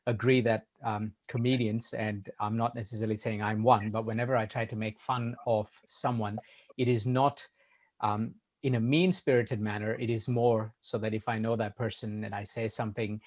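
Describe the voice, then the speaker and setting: A man hosting a podcast, talking in a measured, hedging way with many restarts. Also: on the low side, steady tone, darkish tone, dull audio. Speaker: podcast host. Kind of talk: casual conversation.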